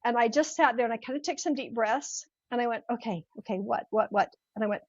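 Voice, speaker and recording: A woman's voice: a little high, a little fast, slightly rough, no room sound, lo-fi sound. An older woman, a mindset coach, telling a personal story in an interview and acting out the voices in it. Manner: animated, acts out voices in her stories. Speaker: podcast guest, mindset coach.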